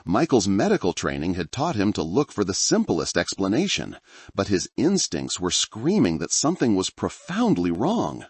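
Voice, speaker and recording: A man's voice: sits low, wildly swooping pitch, moderate pace, a little mellow, husky, no room sound. A man reading a thriller story aloud as narrator, in a dramatic, tense storytelling manner. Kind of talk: scripted narration.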